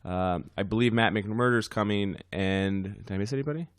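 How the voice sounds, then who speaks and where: A man hosting a podcast with a hoarse, worn-out voice, chatting casually with many fillers. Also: on the low side, normal speed, no echo, studio quality. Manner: rambling, frequent fillers. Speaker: podcast host.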